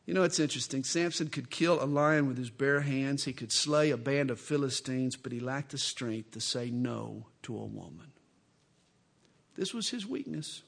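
A man's voice: mid-range voice, normal speed, creaky. A male preacher teaching from scripture in a folksy, joking, conversational way. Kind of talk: expository sermon with humorous asides.

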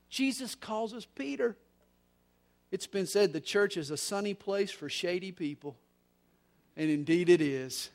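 A man preaching a sermon as pastor, moving between soft, low stretches and loud, emphatic ones, with occasional repeated words. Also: very animated, a little slow. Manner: preaching with wide swings in loudness, from soft to emphatic.

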